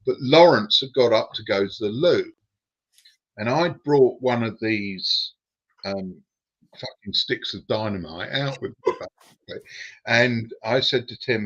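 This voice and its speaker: A man's voice: medium pitch, measured pace, husky. An older man, a former racing driver, telling cheeky stories with casual swearing. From Britain. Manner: cheeky, swearing, relaxed storytelling. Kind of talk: casual anecdote on a live stream. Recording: dull lo-fi recording.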